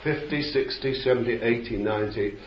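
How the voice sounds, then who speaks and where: A male preacher giving a rambling sermon, repeating words and rising to sudden shouts. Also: medium pitch, fairly quick. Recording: roomy, dull, slightly noisy old recording.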